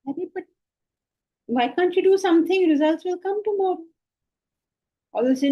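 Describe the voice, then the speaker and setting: A woman spiritual teacher giving a philosophy lecture with stories, animated and asking rhetorical questions. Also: sits high, moderate pace, pauses often, dull audio.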